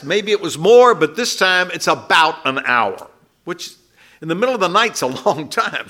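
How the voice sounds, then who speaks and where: Unhurried lively man teaching scripture. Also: a little high. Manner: unhurried explaining, with lively rises and drops. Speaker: Bible teacher. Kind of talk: verse-by-verse Bible teaching.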